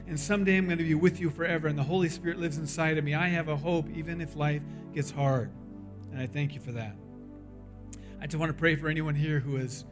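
Guy preaching, tells a story and does the voices, then gets earnest with the crowd, slightly high voice, quiet music behind. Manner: animated storyteller, acts out voices in dialogue; earnest, urgent appeal to the audience. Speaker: pastor. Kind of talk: sermon with storytelling.

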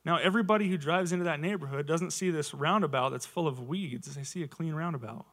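A man's voice: a little high, fast, a bit bright. A man in his thirties giving a casual, conversational sermon to his church, full of rhetorical questions. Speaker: lay preacher.

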